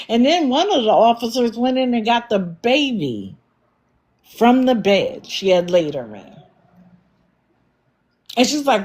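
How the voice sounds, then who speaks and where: A woman's voice: fairly high pitch, big pitch swings, a little slow, slightly rough. Blunt, scolding woman livestream host. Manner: blunt, scolding, sarcastic rhetorical questions. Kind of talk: commentary livestream.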